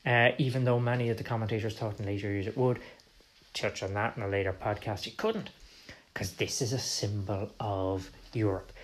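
An Irish man speaks as a podcast host in a long history monologue. He talks in an animated way and often restarts his sentences. He slips into quoted voices as he explains. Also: on the low side, moderate pace.

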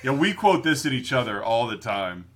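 A man co-hosting a movie podcast in casual chat, jokey and quick to laugh, often quoting films. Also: medium pitch, big pitch swings, fairly bright tone. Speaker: podcast co-host.

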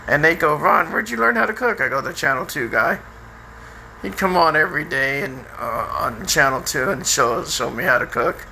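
Gravelly older man rambling candidly. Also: medium pitch, bright, forceful tone, slight background noise, poor audio. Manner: rambling, halting, with many restarts and fillers. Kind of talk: personal monologue. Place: outdoors by a house, lawnmower nearby.

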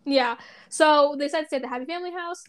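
A young woman co-hosts a laid-back podcast in a high voice. She rambles through her stories, full of "like" and "um", with casual swearing. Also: fast talker. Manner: rambling, many fillers and "like", swears, laughs often. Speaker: podcast co-host. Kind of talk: casual chat.

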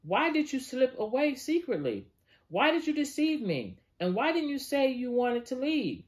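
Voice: very animated, moderate pace. A Bible teacher reading the lines of an angry old father-in-law who confronts his son-in-law with accusing questions. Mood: indignant. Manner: accusing questions, raised pitch.

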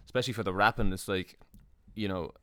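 A man's voice: on the low side, fairly even intonation, fast talker, a bit bright, clean tone, no echo, studio quality. A young Irish man co-hosting a podcast in casual, laid-back chat, swearing and laughing easily. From Ireland. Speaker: podcast co-host.

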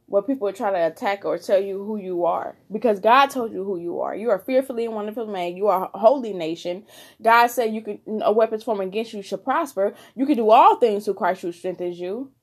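A woman's voice: mid-range voice, a little fast. A woman hosting her own podcast, giving an informal, heartfelt spiritual pep talk with lots of repetition. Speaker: podcast host. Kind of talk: casual spoken devotional encouragement.

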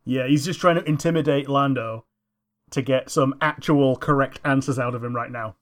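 A man chatting casually while watching a film, laughing often and chiming in with quick agreement. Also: mid-range voice. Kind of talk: casual chat reacting to a film.

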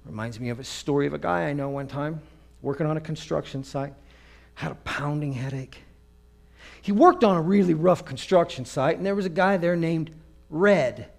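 High-voiced animated male preacher. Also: moderate pace, gravelly. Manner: animated, acts out quoted voices. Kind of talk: storytelling sermon.

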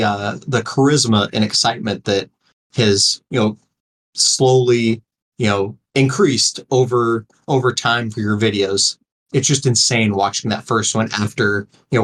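A man's voice: lowish voice, fairly bright tone. A young man co-hosting a podcast, talking earnestly with frequent restarts and small chuckles. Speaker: podcast co-host. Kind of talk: casual podcast chat.

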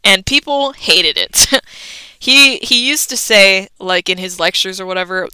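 Young woman podcast host, casual storyteller who swears freely, bright crisp voice, dry close sound. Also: mid-range voice, unhurried, no room sound, rough recording. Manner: chatty and swearing freely, with laughs.

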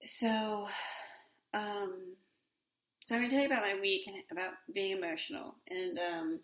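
A woman's voice: mid-range voice, steady tone, moderate pace, roomy sound. A woman in her forties hosting a solo podcast in a casual, rambling way, with many fillers and restarts. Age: 40s. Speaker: podcast host.

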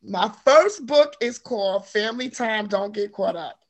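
A woman in her forties, an author guest telling her story in casual interview chat, animated and quick to laugh. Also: mid-range voice. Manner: animated storyteller, laughs often, acts out quotes.

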